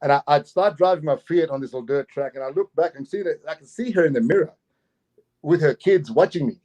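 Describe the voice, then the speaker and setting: A middle-aged Australian man with a slightly high voice, spinning a long anecdote as a guest. He laughs easily and slips into the voices of the people he meets along the way. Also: brisk. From Queensland, Australia. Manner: animated, laughing, acts out the people in his story. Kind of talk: casual storytelling.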